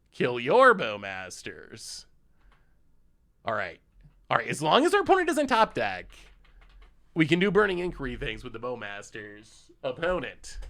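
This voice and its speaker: A man's voice: mid-range voice, fairly bright tone. A man streaming a card game, commenting live on each play, reacting to the opponent and thanking subscribers.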